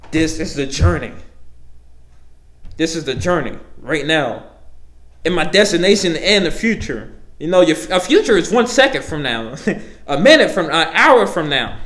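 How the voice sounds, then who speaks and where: A young man hosting a podcast in a casual solo rant, rambling and profane, with many fillers, swinging between heated outbursts and low mumbles. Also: fairly bright tone. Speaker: podcast host.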